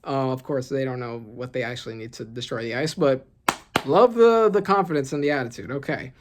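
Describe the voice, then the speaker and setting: A host reading comic panels aloud and reacting excitedly in casual commentary, often asking "right?". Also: mid-range voice, fairly quick. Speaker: manga reaction channel host.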